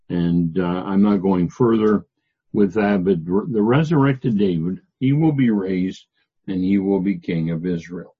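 A man teaching through Bible verses, reading passages aloud and explaining them in a halting way with many fillers, stressing key words. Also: lowish voice, husky. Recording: dull lo-fi recording.

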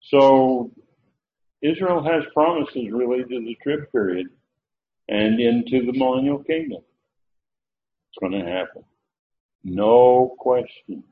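Male Bible teacher, sermon delivery, deliberate and emphatic; lo-fi tinny audio with faint hiss. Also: mid-range voice. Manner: slow, emphatic, repeats key phrases. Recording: tinny phone-like lo-fi recording.

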